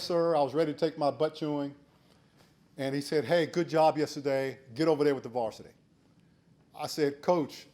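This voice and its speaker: This is an older man in his sixties delivering a storytelling keynote speech. His voice sits a little high for a man. He tells anecdotes in a folksy way and turns earnest and urging when he gives advice. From United States. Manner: folksy, animated when retelling shouted quotes. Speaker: keynote speaker.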